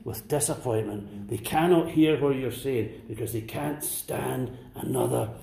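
A man preaching a sermon to a congregation, swinging between impassioned near-shouts and hushed whispers. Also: medium pitch, measured pace, creaky, reverberant. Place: church.

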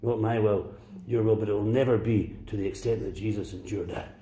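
A man preaching a sermon to a congregation, swinging between impassioned near-shouts and hushed whispers. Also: fairly low pitch, fairly quick, reverberant. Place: church.

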